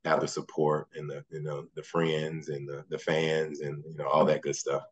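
A man, a guest speaking softly and trailing off with "you know". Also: a bass voice, completely flat delivery, moderate pace, slightly rough. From Mississippi, USA. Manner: soft-spoken, trails off often with "you know". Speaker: guest, former basketball player and coach. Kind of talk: relaxed interview chat.

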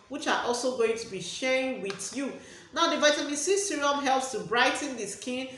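A woman's voice: on the high side, a bit bright. A woman with a Nigerian English accent gives a casual skincare product review, often repeating words and restarting phrases as she explains. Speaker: skincare vlogger. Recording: very echoey room.

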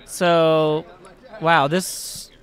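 A man's voice: fairly high pitch, level tone, extremely slow, fairly bright tone. A man playing on a livestream, rambling and thinking aloud as he guesses. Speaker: player. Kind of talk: casual livestream chat.

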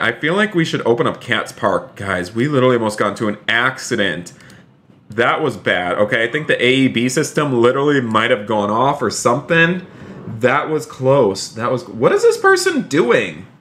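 A male streamer giving excitable, gushing live-stream role-play commentary, often jumping into high squeals. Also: measured pace, a little hiss or hum.

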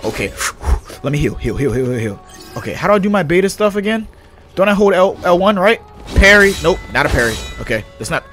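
A young man doing casual gameplay commentary as a gaming YouTuber, excitable and slangy, yelping and shouting at the game. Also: sits high.

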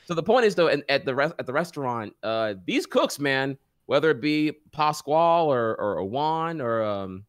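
A man's voice: mid-range voice, sing-song, moderate pace, few pauses, dry recording, clean studio sound. A man co-hosting a casual podcast chat, telling rambling, profane stories full of fillers. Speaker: podcast co-host.

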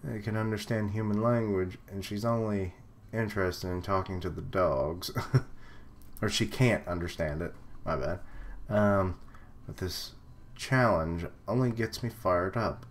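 A young man reads manga panels aloud at an unhurried pace and comments on them as he goes. His voice sits fairly low, and he drops in fillers and short laughs between lines in a loose, casual live reaction. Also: a little hiss or hum.

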